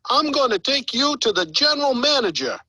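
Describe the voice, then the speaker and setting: A man voicing a bossy, blustering male factory boss who talks loudly and indignantly in a storybook video. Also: wildly swooping pitch, fairly quick, breathy edge, dry recording, full character voice, low-quality recording. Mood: angry. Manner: loud, high and indignant.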